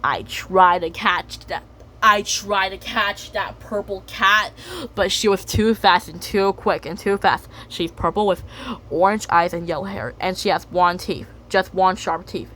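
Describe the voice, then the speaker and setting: A woman voicing a man from the animal pound who talks in a slow, deliberate way. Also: medium pitch, fairly even intonation, fairly bright tone, a little hiss or hum, close to an everyday voice.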